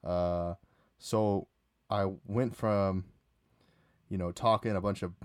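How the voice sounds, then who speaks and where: A man's voice: low voice, steady tone, slow, clean tone, dry recording, studio quality. Rambling young man. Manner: rambling with frequent restarts and fillers. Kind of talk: casual storytelling.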